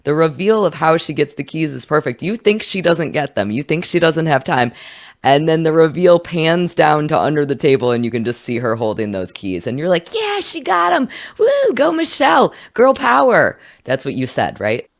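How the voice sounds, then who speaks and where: A woman's voice: low voice, a little fast. A woman hosting a casual film-review podcast, talking animatedly and acting out quotes.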